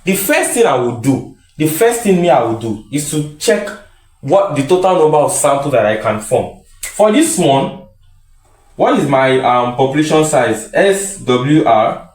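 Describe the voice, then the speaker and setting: A man's voice: mid-range voice, animated, moderate pace, darkish tone. A man teaching statistics in a lecture style, repeating key phrases and answering his own questions. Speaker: statistics tutor. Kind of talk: classroom lecture. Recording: echoey room.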